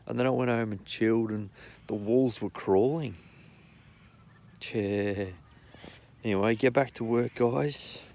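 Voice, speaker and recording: Gravelly Australian guy telling wild stories. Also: medium pitch, measured pace, long pauses, a little mellow. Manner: rambling, profane, blunt. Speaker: storyteller. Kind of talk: casual anecdotal storytelling.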